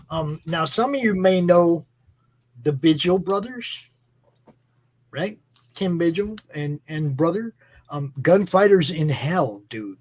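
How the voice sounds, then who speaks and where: Rambling enthusiastic man, slightly high voice. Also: expressive, takes it slowly, darkish tone, poor audio. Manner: enthusiastic, rambling, many fillers and restarts. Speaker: host. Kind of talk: casual chat about comic books.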